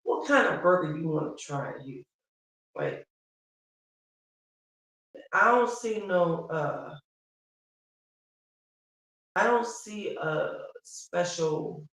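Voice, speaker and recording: A woman from Chicago chatting casually with viewers, telling stories in an animated way and reading out comments. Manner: animated storytelling, quick pitch swings, laughs often. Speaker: vlogger. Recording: roomy and distant from the mic.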